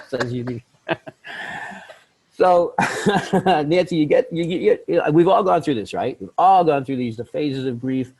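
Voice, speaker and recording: A middle-aged man talking candidly as a podcast guest, blunt and animated, laughing often and acting out little scenes. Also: fairly high pitch, slow pace, long pauses, husky, poor audio. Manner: animated, blunt, laughs often, acts out voices in his stories. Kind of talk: candid conversational self-help talk.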